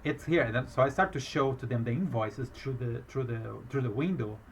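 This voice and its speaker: A business owner recounting a fraud case in a rambling, halting way, with a foreign accent and many restarts. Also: male voice, mid-range voice, a little hiss or hum, rough recording. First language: not English, speaks with a foreign accent. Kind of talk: emotional personal account.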